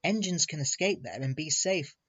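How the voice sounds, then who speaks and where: A man doing a squeaky anxious little engine. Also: expressive, normal speed. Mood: eager. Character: small fretful green tank engine boy. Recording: muffled recording with soft music.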